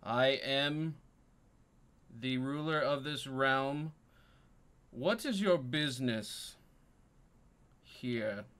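A man's voice: mid-range voice, very slow, long pauses, a bit bright, clean tone. A man voicing a jovial male mouse king who laughs heartily and speaks grandly.

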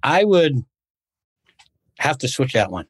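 A man chatting as a guest in an interview, wandering off into stories and often breaking off to restart his thought. His voice sits at an ordinary middle pitch. The recording is close and dry, with no room sound. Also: very animated, slow, slightly rough, dry recording. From United States. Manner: rambling storyteller, restarts often. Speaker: podcast guest, martial arts instructor. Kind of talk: casual interview conversation.

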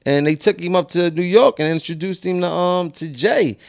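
A man's voice: high voice, normal speed, gravelly, no room sound, studio quality. A man from Philadelphia with a Philly accent, a podcast guest telling laid-back stories, swearing freely and acting out his friends. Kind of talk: casual storytelling.

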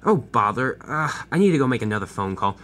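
A man's voice: medium pitch, very animated, quick pace, fairly bright tone. A man voicing a bossy railway controller who talks brusquely and impatiently. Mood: stern.

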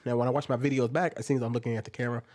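A man's voice: mid-range voice, very fast. A man giving casual reaction commentary on a video, incredulous and full of rhetorical questions. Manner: animated and incredulous, rhetorical questions, mimicking asides.

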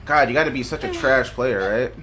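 A man's voice: medium pitch, normal speed, very noisy. A young man streaming gameplay live, trash-talking and mocking with profane taunts and bursts of laughter over game music.

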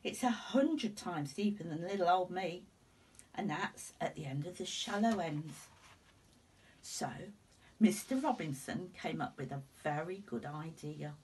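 A woman, a teacher, reading a storybook aloud in an expressive way, dropping into whispered asides. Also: fairly low pitch, a little slow, slight background noise. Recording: voice a bit far from the mic.

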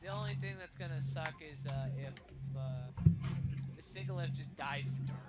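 A man chatting casually while playing a video game, relaxed and joking, often trailing off. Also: a little high, normal speed, over loud music. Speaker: let's play co-host. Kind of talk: casual gaming chat.

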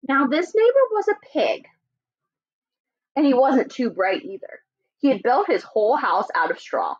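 A woman teacher voicing a sly, chatty male wolf as she reads a storybook aloud in a lively, playfully indignant way. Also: sits high, a little slow, exaggerated voice. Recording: dull lo-fi recording.

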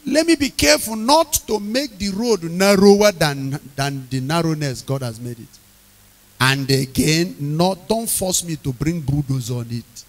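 A man preaching an evening sermon, emphatic, repeating key phrases, questioning the congregation and bursting into loud shouted lines. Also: sits high.

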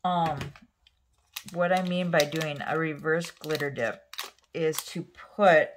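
A woman vlogging her nail art chats while she works, her rambling story thick with fillers and dipping at moments to a gentle near-whisper. She takes it slowly in a low-pitched, steady tone, with a slight hiss or hum in the audio.

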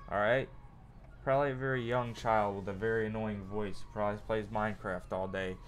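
A young man streaming a game live, ranting irritably with constant swearing. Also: on the low side. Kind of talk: live gameplay commentary. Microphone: desk mic with facecam.

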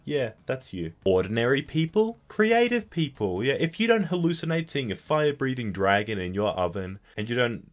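A young man hosting comedy commentary, sarcastically reading and mocking bad memes with loud outbursts and put-on voices. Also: medium pitch, big pitch swings, moderate pace, few pauses.

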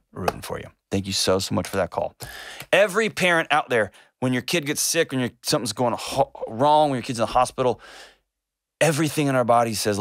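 A man's voice: lowish voice, no echo. Male call-in host, emphatic and earnest, repeats lines for weight, dry close sound. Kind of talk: call-in advice talk.

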